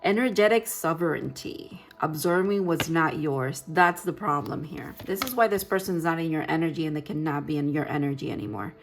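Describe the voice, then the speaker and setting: A woman giving a gentle, reassuring tarot reading, talking in loose, rambling sentences with restarts. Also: low-pitched, brisk, few pauses, slight background noise. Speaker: tarot reader. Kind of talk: pick-a-card tarot reading.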